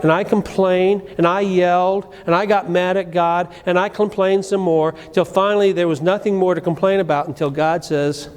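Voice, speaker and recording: Middle-aged pastor preaching in a church. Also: male voice. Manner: storytelling, swings between loud emphasis and low quiet asides, frequent restarts. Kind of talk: sermon. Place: church sanctuary. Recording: live church recording with long reverb and faint room noise.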